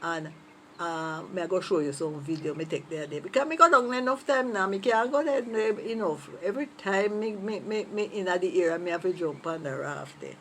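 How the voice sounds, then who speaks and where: A woman from Jamaica with a Jamaican accent, chatting playfully as a patois teacher telling a story with lively asides. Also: fairly low pitch, moderate pace, a little hiss or hum.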